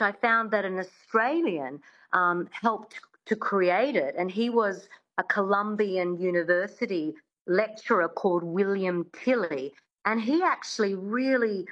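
A woman dialect coach speaking as a radio guest, enthusiastic and quick, often restarting her sentences. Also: mid-range voice, fairly bright tone, dull audio.

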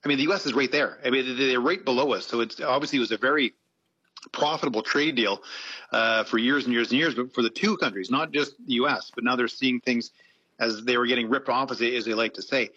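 Man, journalist guest, forceful bright tone, frequent restarts, muffled lo-fi line. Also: mid-range voice, quick pace, breathy edge. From Canada. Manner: thinking aloud, frequent restarts and hedging fillers. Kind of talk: casual commentary in an interview.

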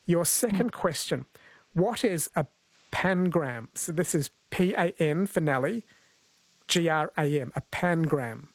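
A man's voice: on the high side, lively intonation, measured pace. A man hosting a talkback radio quiz, chatty and self-correcting as he bantered with callers. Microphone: studio microphone.

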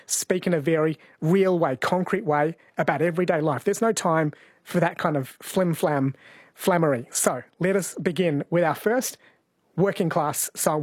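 Higher-voiced male radio presenter. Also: no echo. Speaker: radio host presenting music.

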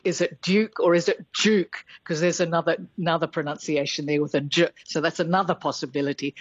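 A woman's voice: deep voice, dry recording, highs cut off. A woman, talking on the radio as a language expert, explaining in a chatty way and laughing easily. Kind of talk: radio talk explaining pronunciation.

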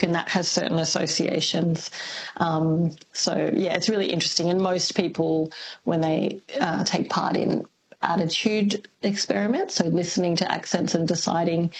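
A woman's voice: fairly low pitch, low-quality recording. A woman expert explaining accents on a radio interview, thoughtful and with frequent fillers. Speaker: linguistics expert guest.

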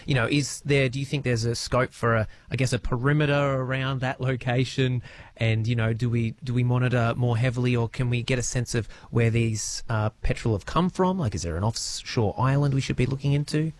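A man's voice: mid-range voice, steady tone, fairly quick. An Australian man hosting live morning radio, asking conversational, probing questions of a guest. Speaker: radio host.

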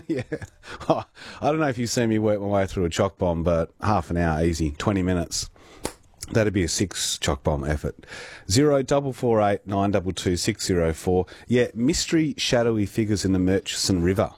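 A laid-back Australian man hosting a radio show. His voice sits very low and has a husky edge. He chats casually and reads out listener messages between chuckles. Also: lively intonation, normal speed, a little mellow. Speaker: radio host.

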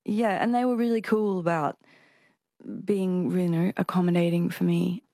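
A woman, a singer, talking in a casual interview with halting speech and frequent restarts from a stutter. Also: on the low side, steady tone, dark tone, no room sound, studio quality. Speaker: singer and performer, interview guest.

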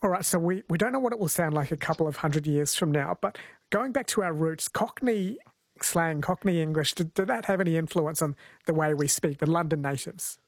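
A radio host from New Zealand, with a slightly high voice and a fairly quick pace, conducts an interview. He sounds inquisitive, asking curious questions with several layers, on a dry recording.

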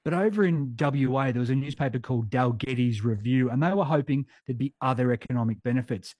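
A man's voice: mid-range voice, fast talker, darkish tone, dry recording. A man with an Australian accent telling history stories in a witty, casual way as a regular radio guest. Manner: witty, storytelling. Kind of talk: casual chat.

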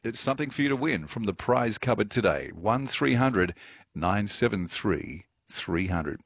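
A man's voice: on the low side, expressive, a little slow, gravelly, slightly rough, dry recording, clean studio sound. A man hosting a talkback radio show, chatty and rambling, correcting himself and laughing often. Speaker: radio host. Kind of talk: talkback radio chat with callers. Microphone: studio microphone.

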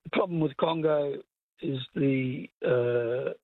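A man's voice: medium pitch, slow, no echo. An Australian man calling in to a radio quiz, chatty and blunt, with many fillers. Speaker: caller. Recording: tinny phone line.

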